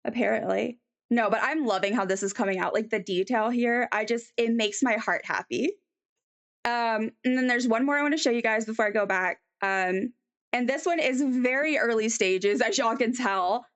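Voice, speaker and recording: A woman's voice: fairly high pitch, moderate pace, a bit bright. A woman chatting casually on a live stream as she draws, rambling with many ums and answering chat.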